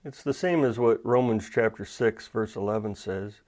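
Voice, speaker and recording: A male pastor delivering a sermon and reading scripture with measured emphasis. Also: lowish voice, a little mellow.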